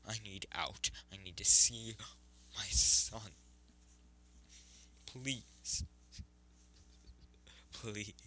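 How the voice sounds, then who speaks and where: A man voicing a huge male nine-tailed fox beast, a desperate grieving father who pleads and swings between whispers and shouts. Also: on the low side, extremely slow, long pauses, a little hiss or hum, heavily acted. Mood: pleading.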